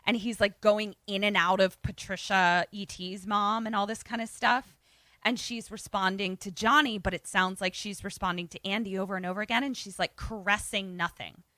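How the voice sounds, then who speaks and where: Podcast co-host: woman, bright dry voice, lively plot recap with acted-out quotes. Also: mid-range voice, moderate pace, no echo. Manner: animated storyteller, acts out quotes, swears casually. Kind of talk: casual chat retelling a film plot.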